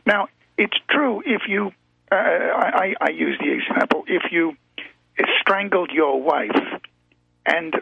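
A male guest calling into a talk radio show, speaking in a halting, storytelling way with frequent restarts. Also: sits high, lively intonation, creaky, husky, no echo. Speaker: call-in guest. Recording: tinny phone line.

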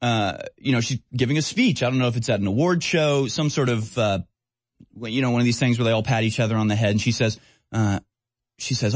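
A man's voice: mid-range voice, a little fast, no room sound. A man hosting a political talk radio show, speaking sarcastically and mocking the people he discusses. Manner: sarcastic, mocking, mimics voices.

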